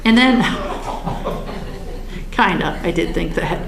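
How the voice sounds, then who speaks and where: A woman with a fairly high voice recounts a personal story with wry humor and lively delivery. The recording carries a noticeable echo from the room around her. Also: normal speed, noisy background. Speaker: near-death experiencer.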